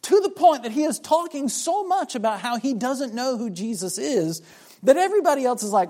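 A man's voice: very high-pitched, big pitch swings, fairly quick, warm tone. A man from South Carolina preaching a sermon on a Bible passage. He acts out the voices of the people he quotes and repeats words as he restarts his sentences. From South Carolina, USA.

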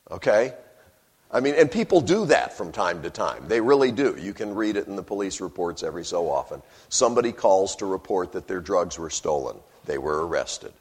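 A man's voice: on the low side, normal speed, breathy edge. A man preaching a sermon, telling stories wryly and breaking into emphatic bursts. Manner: animated, wry storytelling with sudden emphatic bursts.

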